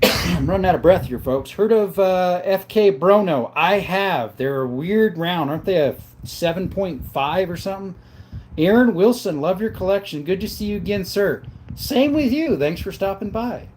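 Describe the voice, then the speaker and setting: A man hosting a casual livestream, reading viewers' chat names aloud and answering them in a relaxed, easygoing way. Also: high voice, moderate pace, slight background noise. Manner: calls viewers brother. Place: home, in front of a counter.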